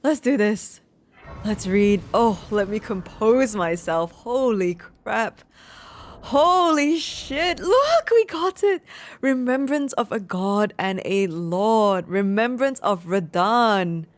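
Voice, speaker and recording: Woman, gameplay commentary, animated higher voice, slow drawn-out delivery, faint game music behind. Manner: talks herself through boss fights, swears and exclaims. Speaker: gameplay streamer.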